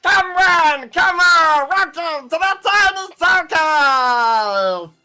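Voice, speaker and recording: Teeny show-off frog ringmaster, way high and bright, yelling every trick like a circus barker, swings all over. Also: lively intonation, drawn-out words, soft background music, exaggerated voice. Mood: showy. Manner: shouty, sing-song ringmaster patter. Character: tiny boastful male frog circus showman.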